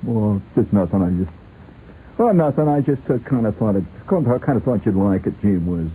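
A man's voice: fairly low pitch, expressive, normal speed, lightly acted. A man voicing a shy, hesitant man mumbling about a big gift he brought, on a tinny lo-fi radio recording. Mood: bashful. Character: bashful man giving a giant present. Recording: tinny lo-fi radio with faint hiss.

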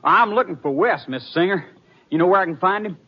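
A man's voice: sits high, animated, a little fast, slight background noise. An actor playing a nervous young cowboy in a 1950s radio drama, stammering as he talks. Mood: anxious. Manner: stammering, anxious. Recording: muffled old radio broadcast.

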